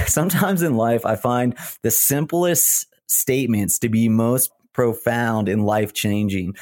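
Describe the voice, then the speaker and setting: A man's voice: lowish voice, a little mellow, dry recording, studio quality. A man in his thirties, a retired runner telling earnest, reflective stories in a podcast interview. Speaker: guest, retired marathon runner.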